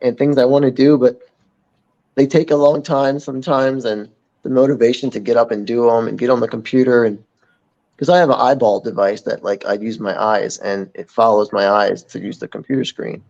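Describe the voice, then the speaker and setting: A man speaks as an interview guest in a reflective, unhurried way, thinking out loud with plenty of fillers. His voice has a gravelly, creaky edge and sits mid-range for a man. The audio comes through dull and lo-fi. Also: mid-range voice, flat delivery. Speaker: podcast guest. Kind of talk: casual interview chat.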